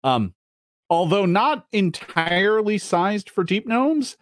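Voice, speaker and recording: A man narrating a tabletop game as game master, halting with many fillers and restarts. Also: sits high, animated, no echo, clean studio sound.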